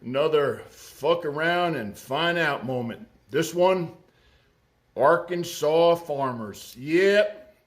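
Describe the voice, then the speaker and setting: A man's voice: on the high side, lively intonation, slow. A man giving profane political commentary in a sarcastic, mocking way. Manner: sarcastic and mocking, swears freely.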